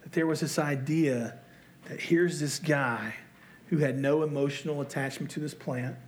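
A man's voice: fairly high pitch, steady tone, normal speed. A man preaching a sermon in a conversational, self-deprecating way, often putting rhetorical questions to his listeners. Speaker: pastor.

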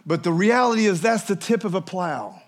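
A man's voice: sits high, lively intonation, moderate pace. A man preaching a sermon. He puts on voices for the people he quotes and keeps asking the listeners questions. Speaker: pastor.

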